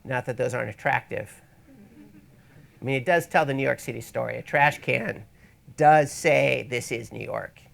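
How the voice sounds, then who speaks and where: A man's voice: mid-range voice, normal speed, vocal fry. A man presenting a photography workshop in a casual teaching style, with wry, rambling asides, speaking in an event space to an audience. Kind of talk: casual instructional talk.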